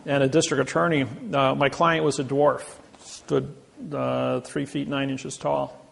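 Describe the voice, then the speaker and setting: A man's voice: mid-range voice, flat delivery, measured pace, creaky, a little hiss or hum. A man giving a boastful storytelling lecture, acting out the voices of people in his stories. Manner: boastful, acts out quoted voices. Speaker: presenter.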